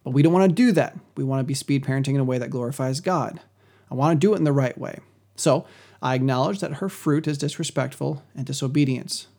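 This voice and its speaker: Guy with a gravelly voice reading his parenting podcast script, calm and even. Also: medium pitch, quick pace. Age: adult parent. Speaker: podcast host, Christian parenting teacher. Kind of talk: scripted teaching monologue.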